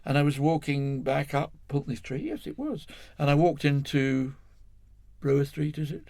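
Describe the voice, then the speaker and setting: A man's voice: a little high, lively intonation, moderate pace, vocal fry, darkish tone, no echo. An older man from England, a guest in an interview, telling a long story in a rambling, self-correcting way, chuckling as he goes.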